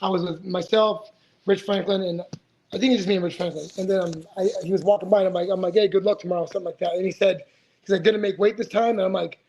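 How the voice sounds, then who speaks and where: A man's voice: sits high, flat delivery, fast talker, creaky, a little mellow, highs cut off. A man in his forties, a retired fighter, telling stories as a podcast guest in a rambling, profane way, full of restarts. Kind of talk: casual storytelling interview.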